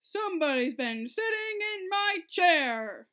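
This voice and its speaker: A woman voicing a great big male papa bear in a storybook reading, bellowing loudly. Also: sing-song, slow, heavily acted. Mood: booming. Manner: booming bellow.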